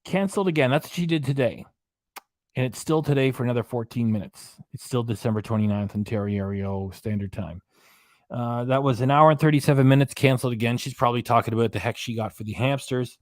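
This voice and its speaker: A man's voice: medium pitch, a little fast, no echo, clean studio sound. A man hosting a livestream commentary, sarcastic and scornful, rambling as he reads comments. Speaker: commentary channel host.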